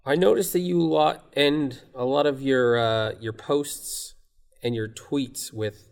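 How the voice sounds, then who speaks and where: A man's voice: medium pitch, takes it slowly, gravelly, darkish tone. Teasing male podcast host. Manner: teasing, playful questions. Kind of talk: casual interview. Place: comedy club.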